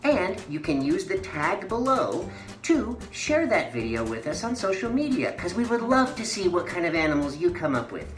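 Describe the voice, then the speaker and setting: At normal speed and in a lowish, sing-song voice, a woman teaches children a playful mime and movement lesson, her instructions encouraging and melodic. There's faint music in the echoey room.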